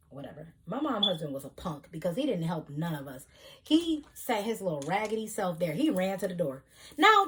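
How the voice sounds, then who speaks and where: A young woman telling a heated storytime vlog, animated, with loud bursts. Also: medium pitch. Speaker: vlogger.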